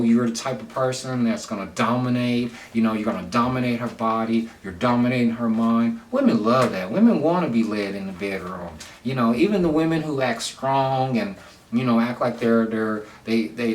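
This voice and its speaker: A man talks casually to camera in a mid-pitched voice, loose and rambling, leaning on fillers and repeating himself. He sits back from the mic in an echoey room. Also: recorded from a distance, a little hiss or hum. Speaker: vlogger giving dating advice. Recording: roomy sound from away from the mic.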